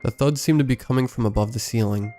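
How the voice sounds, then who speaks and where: A man reading a first-person scary story aloud in a measured, scripted storytelling delivery. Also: mid-range voice, warm tone, soft background music. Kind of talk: scripted horror story narration.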